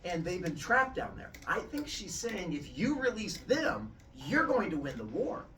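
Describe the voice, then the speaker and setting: A man's voice: high-pitched, huge pitch swings, measured pace, recorded from a distance, over music, pitched above the performer's own voice, heavily acted. A man voicing a helpful, slightly hesitant Titan advisor explaining things in a told story.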